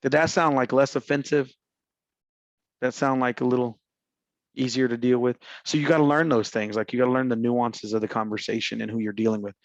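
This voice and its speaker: A man's voice: medium pitch, steady tone, fairly quick, dry recording. A man from Houston, coaching real estate agents in a casual, slangy way and acting out phone calls. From Houston, Texas. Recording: slightly muffled dry recording.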